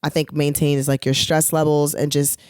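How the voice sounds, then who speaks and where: Young woman podcast co-host, deep and relaxed, loose casual delivery with lots of fillers. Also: normal speed, clean tone, no room sound, clean studio sound. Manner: chatty, rambling with many fillers. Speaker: podcast co-host, touring singer. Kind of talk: casual chat.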